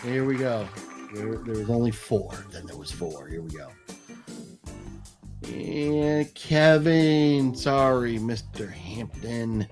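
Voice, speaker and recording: A man hosting a live stream at an unhurried pace, his pitch rising and falling a lot as he calls out giveaway names. He chats casually, chuckles often and apologizes to each viewer, with faint music playing behind him. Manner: lively, apologetic, chuckling, drawn-out name calls. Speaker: host of a live movie news stream.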